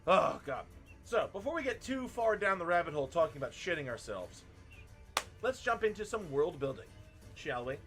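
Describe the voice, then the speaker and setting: This thirty-something streamer and teacher chats casually, spinning a profanity-laced tale punctuated by frequent laughter. His fairly high, slightly bright voice swings widely in pitch at a moderate pace, with faint music in the background.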